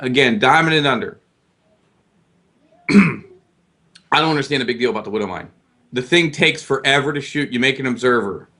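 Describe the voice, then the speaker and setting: A man in his thirties, acting as guest co-host, chats casually on a podcast in a medium-pitched voice at normal speed with a sharp tone. He's self-deprecating and rambling, leaving long pauses and often stammering and restarting sentences.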